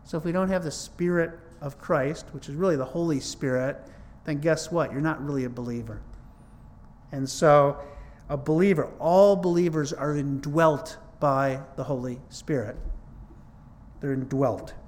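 Male pastor, slightly higher voice, casual yet emphatic sermon delivery. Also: a little slow, a little mellow, a little hiss or hum. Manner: conversational, emphatic, rises in pitch to stress points. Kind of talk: sermon teaching.

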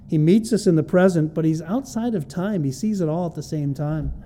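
A man's voice: a little high, brisk, warm tone, a little hiss or hum. A man preaching an expository sermon, teaching verse by verse in a plain conversational way and repeating key phrases for emphasis. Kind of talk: expository sermon on a Bible passage.

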